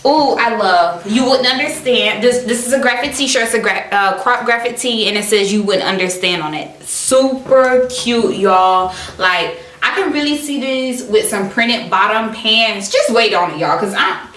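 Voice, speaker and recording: A woman's voice: on the high side, measured pace, fairly bright tone. A young woman unboxing clothes for her vlog, dramatic and gushing, calling her viewers y'all. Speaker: fashion vlogger. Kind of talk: excited unboxing chat. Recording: roomy echo, mic at a distance, faint noise.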